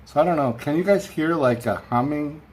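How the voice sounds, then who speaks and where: A man's voice: fairly high pitch, a little fast, slight background noise. A man hosting a casual live stream chat, rambling and reading out viewer comments from his room at home. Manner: rambling, chatty, reads viewer comments aloud. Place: home room with a fan running.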